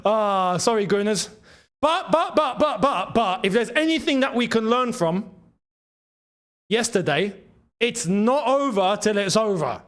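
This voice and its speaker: A man hosting a live football watchalong, excitable and quick to shout and laugh. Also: sits high. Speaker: football channel host.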